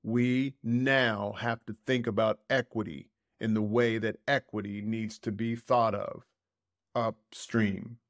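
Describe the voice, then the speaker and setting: A man hosting a podcast, reading a prepared essay in a measured, deliberate way and slowing down to stress key words. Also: on the low side, flat delivery, no echo, studio quality. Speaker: podcast host.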